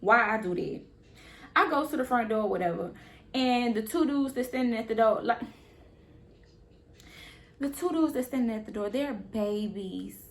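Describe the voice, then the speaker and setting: A young woman telling a storytime in a casual vlog. Her voice sits a little high, and she talks in lively, slangy bursts and repeats phrases to drive the point home. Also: moderate pace, long pauses. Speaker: vlogger.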